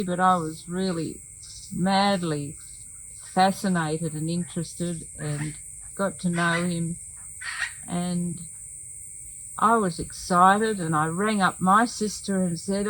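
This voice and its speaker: An older woman, telling a personal testimony in a slow, earnest way with many pauses. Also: fairly low pitch, a bit bright, poor audio. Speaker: women's talk show host.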